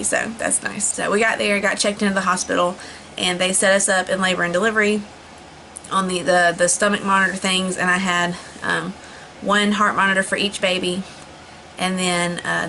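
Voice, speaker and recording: Chatty young woman, lots of ums and restarts, slightly low voice, faint background hiss. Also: bright, forceful tone, low-quality recording. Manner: rambling, with many fillers and restarts. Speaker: vlogger. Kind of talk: casual storytelling vlog.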